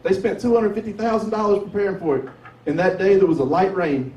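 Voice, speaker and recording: A man's voice: high voice, fairly even intonation, quick pace, a little mellow, lo-fi sound, a little hiss or hum. Southern man doing stand-up in a bar. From Tennessee. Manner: drawling, conversational, swears freely. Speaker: stand-up comedian. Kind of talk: open mic stand-up. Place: sports bar with a light crowd. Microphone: 360 camera from across the room. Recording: echoey bar from far off.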